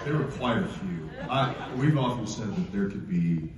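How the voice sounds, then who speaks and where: A man's voice: fairly low pitch, lively intonation, moderate pace. A man on a convention panel, chatting loosely in a stop-start, laughing way. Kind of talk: casual panel talk. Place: large convention hall. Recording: distant dull echoey hall with loud crowd.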